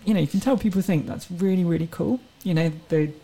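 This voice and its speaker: Woman in her 30s, guest on a chat show, earnest and chatty, lots of gravel and fry in her voice. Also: lowish voice, quick pace, dark tone, poor audio. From England. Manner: earnest, reflective storytelling. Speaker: guest racing driver. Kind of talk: casual interview chat.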